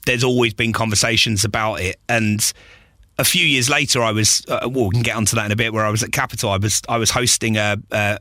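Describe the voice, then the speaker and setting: Radio guy, bright forceful voice, dry close sound, animated storyteller who laughs a lot. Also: medium pitch, dry recording. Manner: animated, laughs often, acts out quotes. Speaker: radio presenter, podcast guest. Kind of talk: casual interview storytelling.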